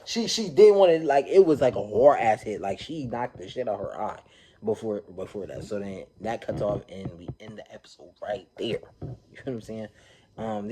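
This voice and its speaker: Guy doing a casual tv recap, kinda low warm voice, super slangy, keeps saying you feel me. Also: breathy edge. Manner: animated, slangy storytelling with frequent "you feel me". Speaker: reality TV recap host.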